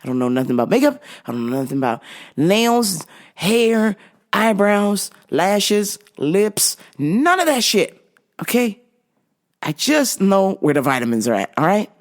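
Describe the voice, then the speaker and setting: A woman's voice: medium pitch, big pitch swings, a little slow. A woman hosting a casual monologue, blunt and profane, laughing often as she talks. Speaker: host.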